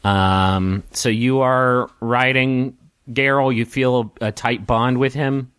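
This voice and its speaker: A man narrating as game master of a tabletop game, halting, with many ums and restarts. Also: mid-range voice, steady tone, a bit bright, clean tone, no echo, clean studio sound.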